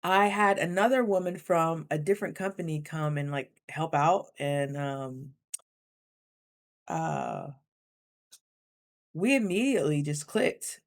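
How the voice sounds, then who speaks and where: A young adult woman in a casual storytelling vlog, chatty and laughing often, with lively quoted asides. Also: low voice, takes it slowly, pauses often. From Idaho. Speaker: vlogger.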